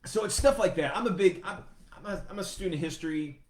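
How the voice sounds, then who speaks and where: A man hosting a podcast, talking in a rambling, profane, animated way. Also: sits high, fast, roomy sound. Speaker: podcast host. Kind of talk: casual chat.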